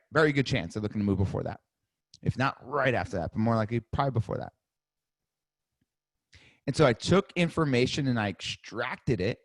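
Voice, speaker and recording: Male sales coach, mid-pitched voice, dry recording, lively and demonstrative. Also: dry recording. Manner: energetic, demonstrative, acts out sales calls. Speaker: real estate coach. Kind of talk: live webinar teaching.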